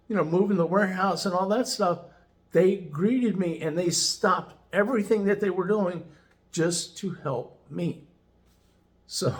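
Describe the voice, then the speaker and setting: A man casually telling a personal story as a customer testimonial, chatty and enthusiastic, with lots of "you know" fillers. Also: high voice. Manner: enthusiastic, animated retelling.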